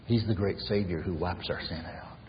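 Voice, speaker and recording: A male pastor preaching a sermon with emphatic repetition, swinging from loud declarations to hushed lines. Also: sits low, normal speed, in a large hall, highs cut off, a little hiss or hum. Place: church sanctuary.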